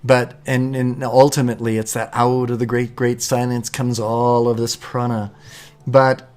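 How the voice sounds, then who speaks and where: A man leading devotional mantras and then talking slowly about meditation in a measured, devotional way. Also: medium pitch, little pitch movement, darkish tone, faint music behind. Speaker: mantra leader. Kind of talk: chanting mantras and spiritual talk.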